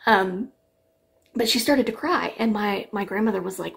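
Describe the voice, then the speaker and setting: A woman's voice: mid-range voice, moderate pace, vocal fry. A young adult woman with a dry, sarcastic manner, telling rambling stories to camera with lots of fillers while sniffly from allergies. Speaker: singer reacting to songs. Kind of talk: casual storytelling to camera.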